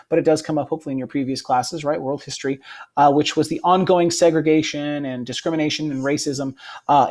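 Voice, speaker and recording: Casual lecturing man, slightly high voice. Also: a little mellow. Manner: casual, frequent "right?" check-ins and fillers. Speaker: history teacher. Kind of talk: recorded classroom lecture.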